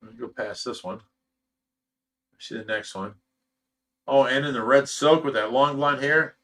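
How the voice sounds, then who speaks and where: A man's voice: medium pitch, unhurried, fairly bright tone. A man hosting a casual livestream, reading out viewer comments and answering them in a loose, blunt way with frequent chuckles. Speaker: fish rescue host reading viewer comments.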